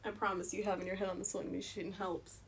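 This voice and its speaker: A woman's voice: medium pitch, flat delivery, fast talker, background noise. A young woman streaming live as she sews, chatting and giggling and muttering to herself as she works. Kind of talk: live-stream chat while sewing.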